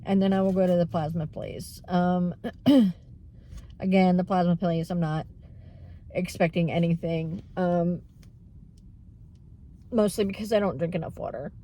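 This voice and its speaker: A woman talking openly to her viewers in a casual vlog, with many fillers and frequent throat clearing. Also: on the low side, steady tone, measured pace, long pauses, dark tone. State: tearful at times. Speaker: vlogger. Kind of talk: casual vlog chat while running errands.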